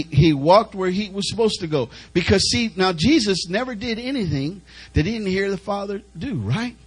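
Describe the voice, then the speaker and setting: A man's voice: sits high, a bit bright, slightly rough, low-quality recording. A male preacher delivering an emphatic sermon, repeating phrases as he urges the congregation on. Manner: emphatic, repetitive, urging the congregation.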